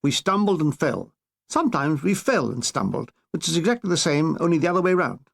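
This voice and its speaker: An older man reading his own comic memoir with wry, deadpan asides. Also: fairly high pitch, fairly quick, gravelly. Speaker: author narrating his memoir.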